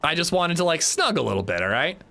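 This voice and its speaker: Speaking fast in a fairly high, creaky voice, this young livestreamer narrates a story to his chat during a game. He's animated and laughing, and he reads chat messages aloud.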